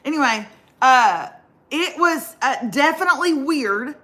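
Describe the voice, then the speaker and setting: A middle-aged woman co-hosting a casual talk show, an animated storyteller who laughs often and calls her audience y'all. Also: high-pitched, unhurried, slight background noise. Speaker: co-host. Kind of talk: comic storytelling, casual chat.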